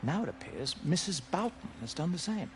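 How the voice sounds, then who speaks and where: A polite older doctor from a story game, hesitant and given to stammering. His voice sits a little high and moves in lively swings, with a faint hum of ambience behind. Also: moderate pace. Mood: concerned. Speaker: village doctor.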